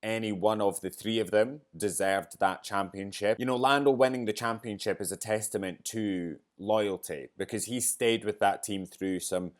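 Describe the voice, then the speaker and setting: A man hosting a podcast, with a fairly low, hungover voice. He talks in a chatty, effusive way and lets the emotion show. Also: fairly even intonation, moderate pace, hardly any pauses. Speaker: podcast host. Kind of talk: casual podcast commentary.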